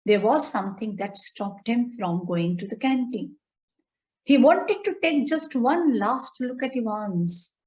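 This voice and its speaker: Fairly high-pitched and darkish in tone, with lively intonation, a woman teacher speaks in Indian English during an online lesson. She reads a story passage aloud, then slowly paraphrases and explains it line by line while quizzing her students. Sound quality is lo-fi and dull.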